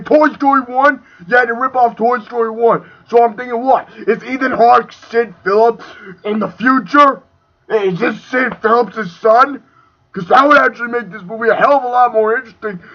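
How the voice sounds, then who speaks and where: A young man ranting angrily about a movie, profane and swinging between shouting and muttering. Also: very high voice. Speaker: video reviewer. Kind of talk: angry movie rant. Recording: dull lo-fi home recording.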